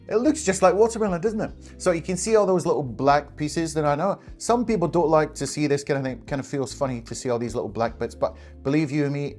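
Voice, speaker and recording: A man's voice: on the high side, darkish tone. Chatty, upbeat man reviewing snacks. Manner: enthusiastic, chatty, laughs often. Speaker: food vlogger. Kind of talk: casual taste-test review.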